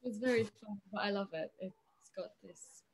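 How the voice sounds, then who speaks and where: A young woman from Poland with a Polish accent, chatting as a podcast guest, hesitant, with many pauses and restarts. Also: mid-range voice. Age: young adult. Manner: hesitant, many fillers and restarts, laughs often. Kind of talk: casual podcast chat.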